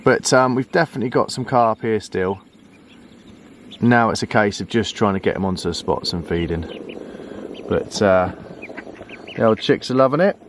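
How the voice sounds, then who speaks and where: A man chatting casually to camera while fishing outdoors, relaxed and easygoing, calling his friend mate. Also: lowish voice, moderate pace, long pauses, a little hiss or hum. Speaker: vlogger and angler. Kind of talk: casual fishing vlog chat. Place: lakeside fishing swim outdoors.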